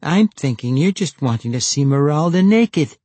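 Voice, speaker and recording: Casting: man doing a teasing storybook girl, mocking and playful, high and bouncy, husky edge, dry close sound. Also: lively intonation, normal speed, warm tone, no room sound. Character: giggling teasing young girl.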